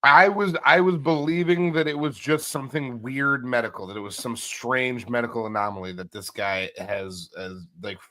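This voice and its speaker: Man, podcast co-host, middle pitch, bright tone, halting casual chat. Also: fairly even intonation. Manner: halting, repeats words, wry.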